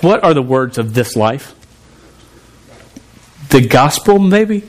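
A man with a drawl preaches to a congregation, talking in a loose, conversational way. His voice sits a little high for a man. He often stumbles, repeats words and restarts his sentences. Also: very animated, slow pace, pauses often. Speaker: pastor. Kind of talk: sermon.

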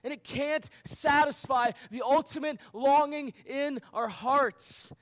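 A man's voice: very high voice, slow pace, a bit bright. A man preaching a sermon to young people, earnest, with rhetorical questions and emphatic repetition. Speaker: youth pastor.

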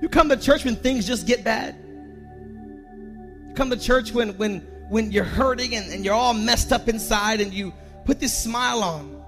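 A man preaching a sermon as pastor, emotional and personal, building to a shouted climax with repeated lines. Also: very high-pitched, normal speed, soft background music.

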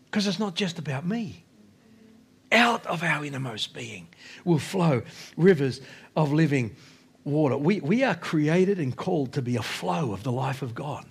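A man preaching a sermon as pastor, impassioned, repeating phrases, swinging between loud exhortation and hushed low lines.

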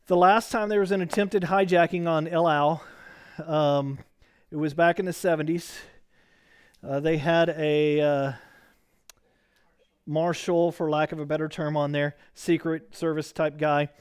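A man's voice: fairly high pitch, steady tone, unhurried, clean tone. A middle-aged man teaching a casual weeknight Bible study, chatty and rambling, joking with the group and full of fillers and restarts. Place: church classroom.

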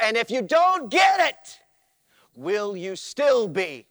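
High-voiced, slow-talking preacher man. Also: wildly swooping pitch, fairly bright tone, dry recording. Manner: emphatic, repetitive, talks straight to the listener. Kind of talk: sermon. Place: church.

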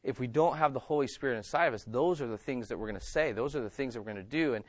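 Animated pastor preaching. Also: male voice, medium pitch, quick pace, no room sound. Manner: animated, asks the congregation questions. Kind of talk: sermon. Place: church.

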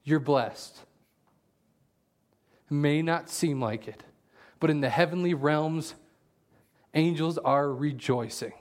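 Jokey, animated male preacher. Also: a little high. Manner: jokey and animated, with sudden loud bursts; reads scripture aloud slowly. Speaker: pastor. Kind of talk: casual conversational sermon.

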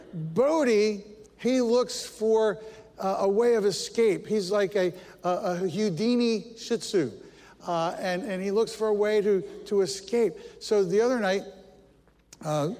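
Male preacher, middle-aged, high-pitched, humorous storyteller, long hall reverb. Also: a little slow. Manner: storytelling, animated, self-deprecating humor. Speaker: pastor. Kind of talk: sermon.

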